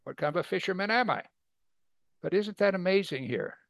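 Man teaching scripture, slightly high voice. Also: a little fast, vocal fry. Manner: conversational teaching with rhetorical questions; acts out quoted speakers with sudden loud excited bursts. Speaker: Bible teacher. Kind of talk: sermon.

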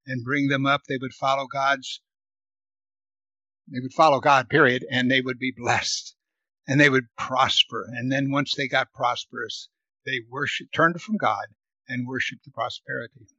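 With fairly even intonation and a slightly slow delivery, a man reads Bible verses aloud with force, raising his volume and pitch, then comments on them one by one, repeating words for emphasis. The recording is muffled, with no room sound.

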